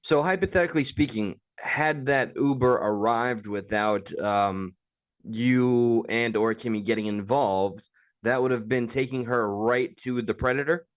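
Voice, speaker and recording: A man's voice: medium pitch, a little slow, no echo. A man co-hosting a casual chat, mostly reacting with brief remarks and questions. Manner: short reactive interjections.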